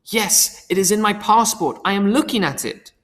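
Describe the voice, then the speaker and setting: An excited young man, pitched up and breathless with eagerness, as a reader acts him. His voice leaps about. It rings in a long hall reverb. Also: moderate pace.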